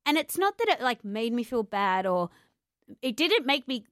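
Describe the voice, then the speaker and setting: A woman in casual podcast chat, telling lively stories and acting out what people said. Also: a little high, normal speed, no echo, clean studio sound. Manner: lively storyteller who acts out quotes and laughs.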